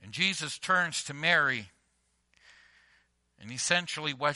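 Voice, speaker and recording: Pushed and bright, the man's fairly high voice moves a little slowly and leaves long pauses, though his delivery stays animated. He's a pastor giving a sermon to a congregation in church, telling everyday stories in an emphatic, conversational style full of repetition.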